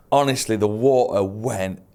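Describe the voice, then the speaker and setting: A British man co-hosting a comedy podcast, telling a chaotic holiday story in a casual, animated way and laughing as he goes. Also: on the low side. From Britain. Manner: animated, laughs through his stories. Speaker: podcast co-host.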